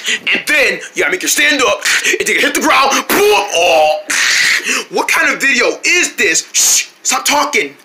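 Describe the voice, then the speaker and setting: A channel host playing several characters in a silly kids' skit, switching between goofy voices and bursting into shouts and squeals. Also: sits high, sing-song, normal speed, a little hiss or hum.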